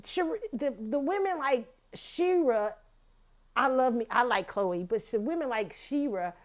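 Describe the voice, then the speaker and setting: A woman's voice: high-pitched, lively intonation, unhurried. A woman hosting a talk show, giving frank, casual commentary with profanity and frequent laughter.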